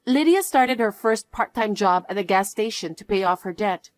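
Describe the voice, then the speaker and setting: A woman's voice: mid-range voice, expressive, normal speed, no room sound. A woman narrating a scripted first-person story in a cool, matter-of-fact way.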